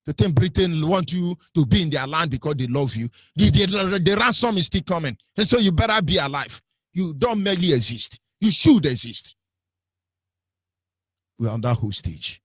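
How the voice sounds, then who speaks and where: A fiery Nigerian-accented man delivering a radio rant, mocking and scolding by turns. His voice sits high and swings widely, with a bright, forceful edge and a dry, close sound. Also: lively intonation, normal speed, husky, dry recording. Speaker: radio commentator. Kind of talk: impassioned political commentary.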